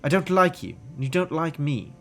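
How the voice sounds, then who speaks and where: A man's voice: fairly high pitch, very animated, normal speed, a bit bright, faint music behind. A man reading the lines of a pompous, disgraced male elf doctor aloud from a game, in a haughty, melodramatic manner. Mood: blunt.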